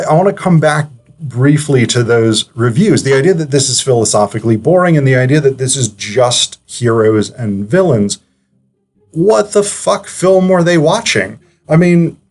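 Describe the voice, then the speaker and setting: A man's voice: on the high side, darkish tone. A man giving casual, analytical commentary as a film reviewer, chatty and digressive, with frequent hesitations.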